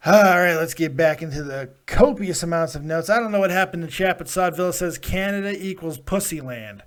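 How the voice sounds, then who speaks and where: Excitable male wrestling-show host. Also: on the high side, a little fast, hardly any pauses. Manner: excitable, rambling, laughs often. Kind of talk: live-stream wrestling review, casual chat.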